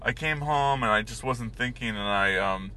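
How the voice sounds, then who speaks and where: Bright-voiced man telling a rambling story. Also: mid-range voice, normal speed. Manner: rambling storyteller with many fillers. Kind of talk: casual chat.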